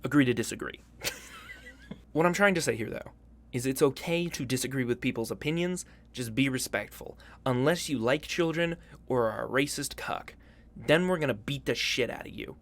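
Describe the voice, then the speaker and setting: A man's voice: mid-range voice, normal speed. A man hosting a casual commentary video, profane, joking and hyperbolic. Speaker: YouTube host.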